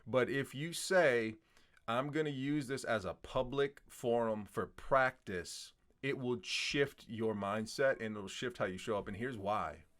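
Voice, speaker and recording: A man's voice: medium pitch, measured pace, fairly bright tone. A man in a casual conversation, talking earnestly and asking himself rhetorical questions. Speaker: podcast guest, writer and content creator.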